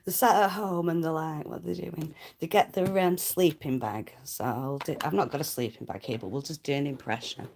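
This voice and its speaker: A woman's voice: deep voice, normal speed, vocal fry, darkish tone, a little hiss or hum. A woman hosting a casual livestream, chatting cheekily with viewers and laughing often. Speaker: livestream host.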